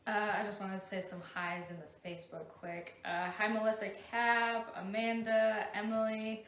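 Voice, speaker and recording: A woman's voice: medium pitch, level tone, moderate pace, a bit bright. A woman co-hosting a live show, reading viewer comments aloud in an upbeat, laughing manner. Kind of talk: casual live Q&A. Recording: echoey room with faint noise.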